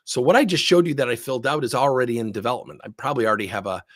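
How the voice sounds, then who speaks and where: A middle-aged man giving an energetic webinar talk as a training consultant, with a husky voice. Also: mid-range voice, racing. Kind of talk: webinar presentation.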